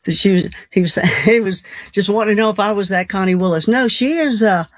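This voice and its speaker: A woman's voice: medium pitch, a little fast, no room sound. A woman hosting a late-night call-in radio show, chatty and folksy, laughing easily between callers. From Colorado. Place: radio studio.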